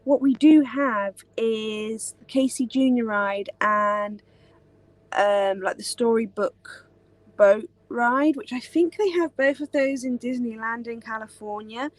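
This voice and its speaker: A young live chat host from Britain takes her time, her voice on the high side, as she rambles casually on a stream full of ums and likes. The recording has no echo.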